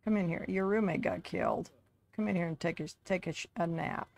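A woman's voice: fairly low pitch, a little fast, gravelly, a little mellow. A woman giving casual, chatty commentary over her life-sim game, talking to her characters like a fussing parent. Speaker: gaming video creator.

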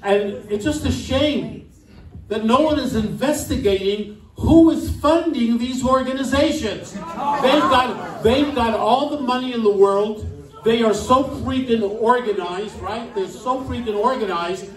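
New man, high-pitched and emphatic, political speaker in an echoey room, off-mic. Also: unhurried, distant mic. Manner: emphatic, rhetorical questions, indignant. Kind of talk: political speech. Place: club meeting room.

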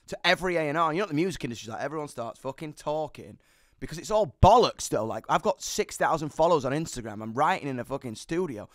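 A man's voice: on the high side, no echo, studio quality. A young man, telling a story with energy and lots of swearing in an interview. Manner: fast, animated, sweary storytelling. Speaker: musician guest. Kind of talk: candid storytelling chat.

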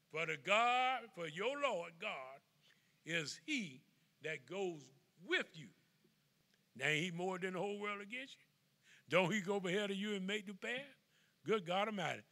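An older man, an elder, preaching a Bible study, reading scripture slowly and stressing each phrase. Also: on the high side, expressive, pushed and bright. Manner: call-and-response preaching, reads scripture slowly and emphatically.

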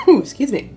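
A woman's voice: high voice, a little mellow. A woman hosting a toy unboxing, chatting casually in a playful way and tossing in silly sound effects.

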